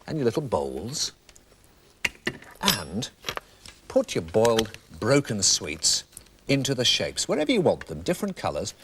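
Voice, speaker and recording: A man's voice: on the low side, huge pitch swings, unhurried, pauses often, noisy background. Playful English man, wildly swooping voice. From England. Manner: playful, theatrical showman. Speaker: co-presenter. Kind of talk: children's TV demonstration.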